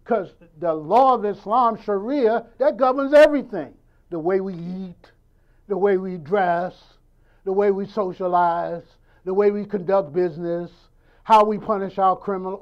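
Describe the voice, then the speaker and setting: Man, preacher, high-pitched, conversational sermon, rhetorical questions, dull lo-fi sound. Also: normal speed.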